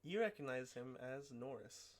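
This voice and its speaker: A man running a tabletop game, narrating scenes in a loose, casual way with plenty of fillers. His voice sits at an ordinary middle pitch. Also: lively intonation, normal speed. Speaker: game master.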